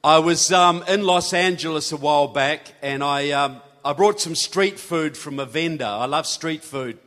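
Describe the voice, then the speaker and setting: A man's voice: on the high side, unhurried, a bit bright. A man from New Zealand with a New Zealand accent giving a folksy, earnest speech to a live audience. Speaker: guest speaker. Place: large hall. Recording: hall reverb.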